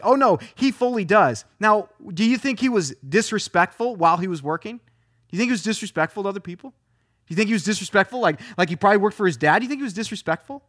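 A man's voice: high-pitched, lively intonation, quick pace, a bit bright, dry recording, clean studio sound. A man preaching a sermon as a pastor, talking emphatically, repeating phrases and firing off rhetorical questions.

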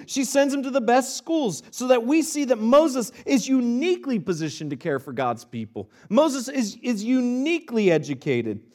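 High-voiced man preaching a sermon. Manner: earnest preaching, reads scripture aloud then retells it conversationally. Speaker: pastor.

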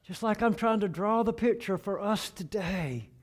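A man preaching a sermon in earnest, rising on the questions he quotes and dropping low and soft to close each point. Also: moderate pace.

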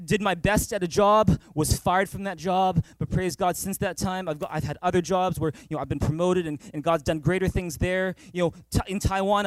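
A male pastor with a fairly high voice preaches with emphatic, repetitive phrasing and calls for amens. The sound is close and dry, with little room echo. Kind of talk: sermon. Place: church service.

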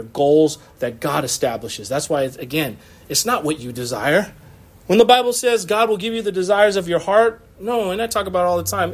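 A man in his thirties preaches to his congregation in a church. His voice sits high for a man, and he talks in a loose, conversational way, breaking into laughs and quick asides between points. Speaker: pastor. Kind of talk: sermon. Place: church sanctuary.

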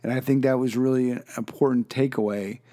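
A man's voice: mid-range voice, steady tone, a little fast, warm tone. A man from Philadelphia hosting a podcast, chatting casually with a guest, laid-back and rambling with lots of fillers and restarts. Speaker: podcast host. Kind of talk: casual interview chat.

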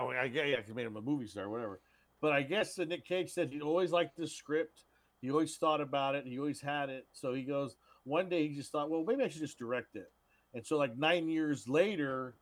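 A man's voice: on the high side, brisk. Rambling, crude man chatting about films. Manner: rambling, crude, retells scenes with quoted voices. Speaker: podcast co-host. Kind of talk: casual film chat.

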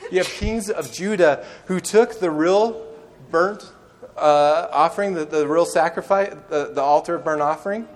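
A man's voice: on the high side, moderate pace. A young man preaching a sermon, telling stories conversationally and acting out quoted lines, sometimes restarting words. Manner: storytelling with acted-out quotes. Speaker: pastor.

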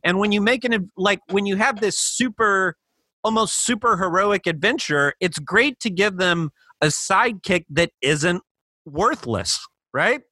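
Bright, high-voiced man pitching movie ideas. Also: lively intonation, measured pace, breathy edge, no room sound. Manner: enthusiastic, talks over others, restarts often. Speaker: podcast co-host. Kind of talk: casual chat.

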